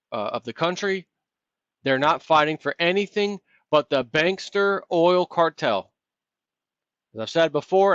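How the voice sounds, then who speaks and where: A man's voice: mid-range voice, a bit bright, dry recording. A man hosting his own commentary vlog, ranting sarcastically about politics. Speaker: vlog host. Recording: dull, lo-fi, dry.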